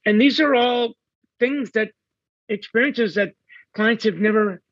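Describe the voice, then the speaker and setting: A man who works as a hairstylist, a podcast guest who talks haltingly with many restarts. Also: high-pitched, no room sound, highs cut off. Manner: hesitant, many fillers and restarts. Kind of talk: casual podcast chat.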